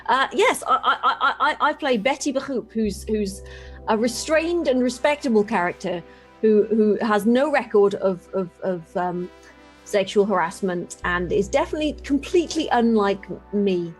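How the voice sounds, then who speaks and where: Cheeky gal player, kinda high voice, swears a lot, faint music. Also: female voice, expressive, normal speed. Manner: cheeky, self-mocking, swears casually. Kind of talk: casual chat among players.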